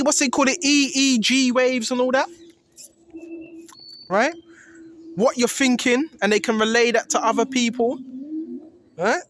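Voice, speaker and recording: High-voiced man preaching insistently. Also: a bit bright, a little hiss or hum. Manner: earnest and insistent, repeats "right?" constantly. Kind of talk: informal preaching to camera.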